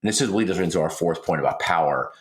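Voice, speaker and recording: A man's voice: low-pitched, fast talker. A man in his sixties co-hosting a podcast, talking earnestly and telling family stories. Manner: earnest, storytelling, voice lifting when excited. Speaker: podcast co-host. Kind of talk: conversational podcast talk. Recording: roomy echo.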